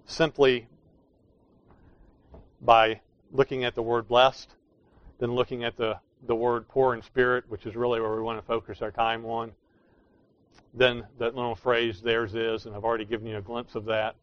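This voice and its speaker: A male pastor delivers a sermon, stressing key words with emphatic, explanatory force. His voice sits at an ordinary middle pitch. The recording is dry and slightly dull, with no room echo. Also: flat delivery, moderate pace, pauses often.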